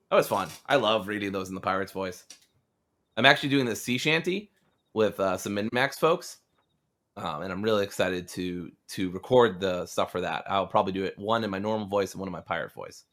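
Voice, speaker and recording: A man streaming a video game who comments excitably, with loud outbursts and joking asides. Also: low-pitched, brisk.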